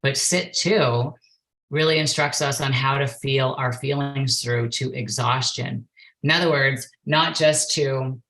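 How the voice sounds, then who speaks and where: Low-voiced woman telling a heartfelt story. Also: pushed and bright, low-quality recording. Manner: earnest and emotional, acts out her own past outbursts. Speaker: guest, perception facilitator and yoga instructor. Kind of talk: podcast interview, personal storytelling.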